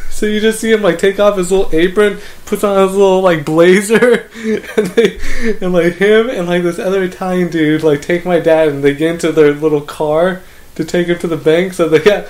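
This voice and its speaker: A young man co-hosting a podcast tells a travel story in casual chat, his high voice steady, a little mellow, and moderately paced. He rambles, leans heavily on "like," swears, and laughs often.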